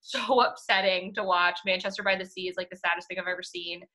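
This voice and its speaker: A woman's voice: lowish voice, steady tone, fast talker, bright, forceful tone, low-quality recording. A young woman from the Boston area co-hosting a podcast, chatting casually, emphatic and laughing often. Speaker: podcast co-host.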